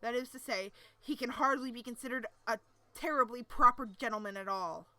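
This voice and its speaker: Bright woman reading a webcomic aloud. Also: on the high side, a little fast, dry recording. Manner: casual, self-deprecating asides, stumbles over words. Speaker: streamer.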